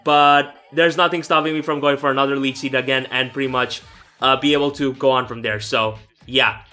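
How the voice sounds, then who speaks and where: A man's voice: mid-range voice, fairly even intonation, brisk, pushed and bright. A young man giving casual, rambling commentary on his own competitive game match, correcting himself often and swearing casually. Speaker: gaming YouTuber. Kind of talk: casual live gameplay commentary. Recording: faint background music.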